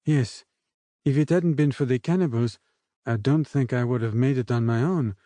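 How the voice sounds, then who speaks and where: A man narrating an audiobook voices a young woman castaway who speaks softly with a French accent. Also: mid-range voice, normal speed, no echo, close to an everyday voice. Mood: soft, gentle. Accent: French, put on. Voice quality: soft, gentle voice. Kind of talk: audiobook character voice.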